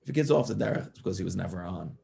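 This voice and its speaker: A man speaking as a guest rabbi, telling a story in a lively way that builds to a raised, passionate voice. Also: low-pitched, racing, creaky. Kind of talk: storytelling talk.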